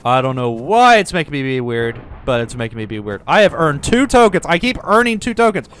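High, excitable male gamer. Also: brisk, hardly any pauses, clear, resonant tone, no echo. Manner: excitable, panicky yelps and dramatic pleading; sarcastic, mock-indifferent asides. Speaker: gaming YouTuber. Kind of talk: casual gameplay commentary.

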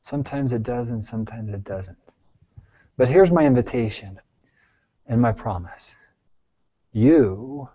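A male therapist with a mid-range voice leads a support group in a session room, speaking earnestly and reassuringly with a pleading edge. He shifts between soft, hushed phrases and emphatic bursts, often putting questions to the group. The recording is dull and lo-fi.

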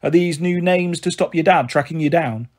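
A bustling, big-hearted auntie who runs a pub, as a man reading aloud puts her on. She talks frankly and jollily in a lifted, slightly husky voice. A storybook reading. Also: fairly high pitch, normal speed, natural voice. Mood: hearty. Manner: warm, jolly, frank.

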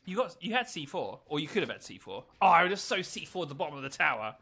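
Male game commentator, chatty and self-deprecating, fairly high, bright and animated. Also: quick pace, vocal fry, breathy edge. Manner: chatty, joking, self-mocking. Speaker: gaming video commentator. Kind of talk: casual gameplay commentary.

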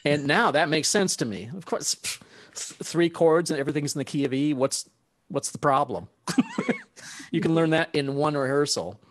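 A man's voice: on the high side, normal speed, no echo. Dry-sounding male musician telling stories. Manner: animated, laughs often, acts out quoted speech. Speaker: guest musician, saxophonist. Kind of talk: casual storytelling.

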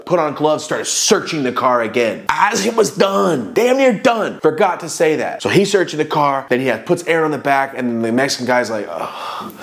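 A man's voice: a little high, moderate pace, creaky, hardly any pauses. Young man telling a story, slangy. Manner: animated, slangy, acts out every voice. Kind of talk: casual storytime monologue.

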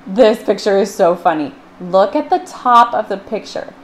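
A woman's voice: mid-range voice, expressive, normal speed, a little hiss or hum. A woman librarian reading a picture book aloud to children, playfully acting out the sound words. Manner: playful, acts out sound words with big swings in voice. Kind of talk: storytime read-aloud.

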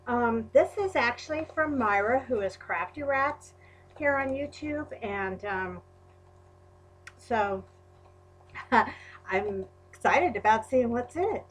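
A woman's voice: a little high, lively intonation, slow, pauses often, faint music behind, poor audio. A woman unboxing a crafting package in a vlog, gushing and exclaiming over each item. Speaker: crafting YouTuber. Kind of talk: unboxing a mail package on camera.

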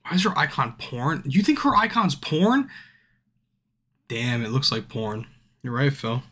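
A man's voice: medium pitch, measured pace, breathy edge. Drunk, foul-mouthed male streamer. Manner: profane, swears constantly; bursts into yelling at the screen. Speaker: game streamer. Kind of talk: casual livestream commentary. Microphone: streaming mic.

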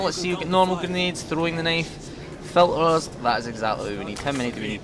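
A man's voice: fairly high pitch, fast, crowd noise. A young man giving casual, jokey commentary while playing a video game, talking to his viewers. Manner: chatty, jokey, talks to viewers. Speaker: gaming commentator. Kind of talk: casual let's-play commentary.

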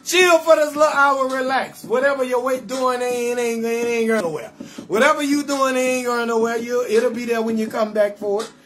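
A man riffs loudly and playfully, greeting viewers in a rambling, sing-song patter. He hosts a casual live stream from his bed at home, with faint music playing behind him. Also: very high-pitched, fairly even intonation, brisk. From New Orleans. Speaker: comedian hosting a live call-in show.

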